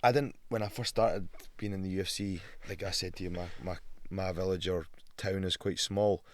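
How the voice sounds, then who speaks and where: A Scottish man in his thirties, a guest on a podcast, telling lively stories in casual chat, swearing freely and acting out the voices of people he meets. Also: low-pitched, normal speed. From Scotland. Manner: animated storyteller, swears a lot, acts out quotes. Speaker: guest, pro fighter.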